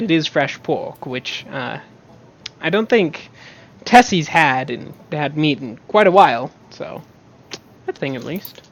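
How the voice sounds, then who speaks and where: Low-voiced woman game master. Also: slight background noise. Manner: relaxed, with fillers. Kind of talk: narrating a tabletop game.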